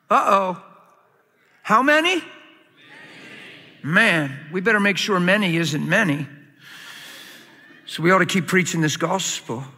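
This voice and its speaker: A man preaching a sermon as a pastor, emphatic and given to sudden high, excited bursts. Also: big-room sound.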